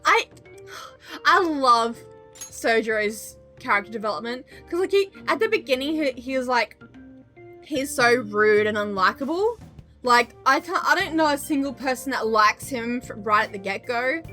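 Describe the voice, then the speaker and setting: A young woman live-streaming a game, chatting loudly and excitedly with her viewers. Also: on the high side, moderate pace, soft background music. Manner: excitable, loud, bursts into squeals greeting chat. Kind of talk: casual live-stream chat while gaming.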